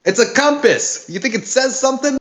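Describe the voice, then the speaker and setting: A man voicing a brash woman navigator with a Brooklyn accent, shouting down from the crow's nest. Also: extremely high pitch, animated, a little fast, voice pushed up. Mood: yelling. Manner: shouting, mocking.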